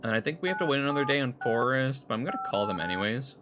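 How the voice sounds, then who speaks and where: A man's voice: mid-range voice, animated, racing, over music. A young man casually rambling and swearing while playing a horror game. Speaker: streamer. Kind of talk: casual gameplay commentary.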